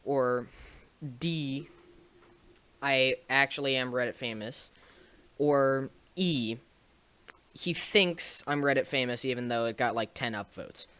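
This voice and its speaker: A man's voice: mid-range voice, slow pace, long pauses, bright, forceful tone, smooth. A young man telling a casual story to camera, rambling with restarts and small laughs. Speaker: streamer and video maker.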